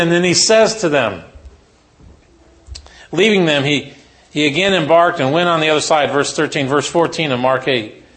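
A man preaching a sermon to teachers, telling a story with rhetorical questions and lively asides. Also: fairly high pitch.

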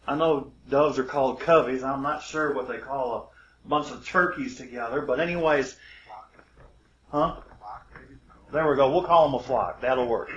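A folksy man telling an animal fable at an unhurried pace, wandering into little asides as he goes. His voice sits high for a man. The sound is roomy and slightly dull, like a lo-fi recording in an echoey room. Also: fairly bright tone. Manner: folksy, digressive, self-amused asides. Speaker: storyteller.

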